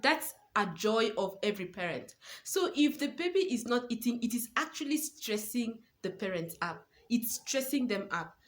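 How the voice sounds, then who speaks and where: A woman's voice: on the high side, expressive, moderate pace, few pauses, a bit bright. Earnest young woman giving parenting advice. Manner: earnest, repeats words for stress. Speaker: parenting coach. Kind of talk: casual advice talk to camera.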